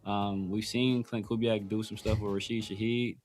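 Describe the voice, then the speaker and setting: A man's voice: lowish voice, flat delivery, normal speed, darkish tone, faint music behind. A man hosting a casual sports talk show, rambling with many restarts and fillers. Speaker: podcast host.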